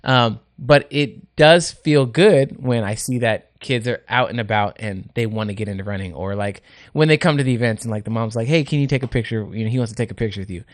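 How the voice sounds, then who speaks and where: A man who hosts radio, chatting casually on a podcast and telling animated stories that act out the people he quotes. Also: mid-range voice, brisk, no echo, clean studio sound. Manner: animated, acts out quoted people, laughs often. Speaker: radio host and race organizer. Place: indoor podcast studio.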